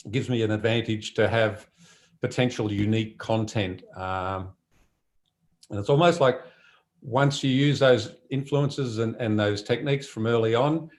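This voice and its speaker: A man, a surf photographer telling stories from his trips in a relaxed, chatty way with frequent laughs. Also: mid-range voice. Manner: relaxed and chatty, laughs often, many fillers. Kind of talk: casual conversational storytelling.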